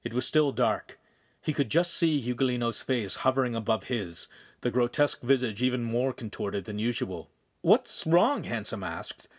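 This is scripted narration of a young adult novel, read by a man with a mid-range voice. As the audiobook narrator, he keeps the storytelling steady and measured and voices each character.

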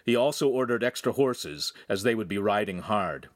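Expressive male storyteller. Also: fairly low pitch, moderate pace, few pauses. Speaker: audiobook reader. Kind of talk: scripted narration.

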